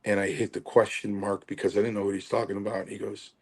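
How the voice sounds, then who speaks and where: Low-voiced older man telling stories. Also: flat delivery, gravelly, breathy edge. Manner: halting, with many fillers and restarts. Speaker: podcast guest, former wrestler. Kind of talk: podcast interview storytelling.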